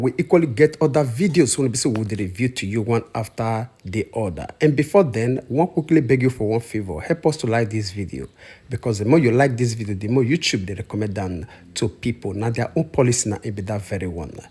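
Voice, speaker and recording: A man's voice: mid-range voice, mellow, breathy edge. A man with a Nigerian Pidgin accent hosting a casual commentary channel, chatting directly to his viewers. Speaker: YouTube commentary host.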